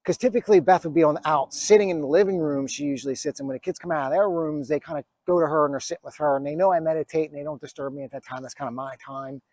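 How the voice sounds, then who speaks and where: A man's voice: on the high side, fairly even intonation, very fast, hardly any pauses, a little mellow, no echo. A man in his forties telling a personal story in a vlog, earnest and reflective, with many fillers and restarts, close to tears at times. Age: 40s. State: emotional, near tears at times. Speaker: vlogger.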